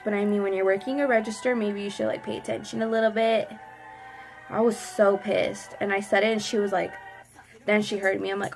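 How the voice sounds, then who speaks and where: A young woman vlogger telling a sassy, animated storytime while doing her makeup. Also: mid-range voice, moderate pace, faint music behind. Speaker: beauty vlogger. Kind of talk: get-ready-with-me storytime.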